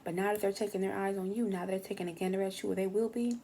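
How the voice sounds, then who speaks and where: A woman's voice: mid-range voice, steady tone, rapid-fire, dark tone, slight background noise. A young woman giving a casual tarot reading, brash and slangy, swearing freely and acting out what other people say. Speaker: tarot reader.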